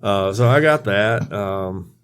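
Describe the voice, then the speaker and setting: A man with a Southern US accent co-hosting a comedic podcast with dry, deadpan banter. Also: on the low side, takes it slowly, smooth. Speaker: podcast co-host. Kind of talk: casual comedic chat.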